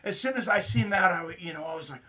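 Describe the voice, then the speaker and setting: Male interview host, bright tone, casual eager chatter. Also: high voice, quick pace. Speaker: podcast host.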